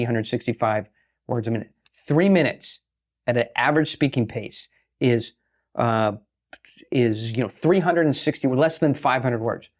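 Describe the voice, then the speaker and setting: A man speaking as a podcast guest, brash and profane, talking in fast bursts and slowing down to stress a point. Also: medium pitch. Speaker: guest, pitching expert. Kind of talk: podcast interview talk.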